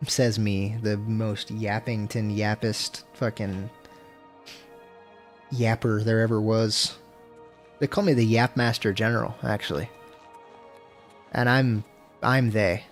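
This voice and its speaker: A man's voice: fairly low pitch, fairly even intonation, slow pace, long pauses. A young man streaming himself playing a game, talking casually with lots of swearing. He rambles between jokes and irritation, and faint game music plays underneath. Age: young adult. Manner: profane, rambling, easily exasperated. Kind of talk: casual gameplay commentary.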